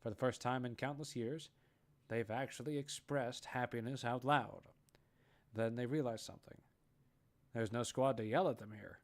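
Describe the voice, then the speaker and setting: A man's voice: medium pitch, normal speed. A man narrating audition scripts aloud, reading steadily and correcting small slips as he goes. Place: online voice chat.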